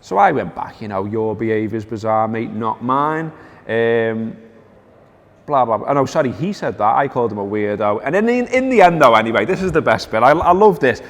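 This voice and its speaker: Another casual football chat comes from a podcast host whose mid-range voice swings widely in pitch as he talks fairly quickly. His storytelling is wry and heavy with fillers, he reads quotes aloud, and a long reverb tail follows.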